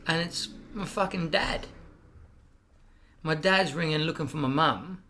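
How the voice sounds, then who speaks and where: A man's voice: fairly high pitch, unhurried, pushed and bright, a little hiss or hum. A middle-aged man with an Australian accent telling brash stories in casual chat, swearing freely and acting out quoted voices. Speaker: stand-up comedian guest. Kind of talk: casual storytelling.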